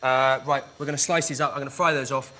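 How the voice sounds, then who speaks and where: A man's voice: mid-range voice, fairly even intonation, fast, sharp tone. A man cooking on a TV show kitchen set, talking through each step in a chatty, stumbling way and often asking "okay?". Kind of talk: cooking demonstration. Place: TV studio kitchen.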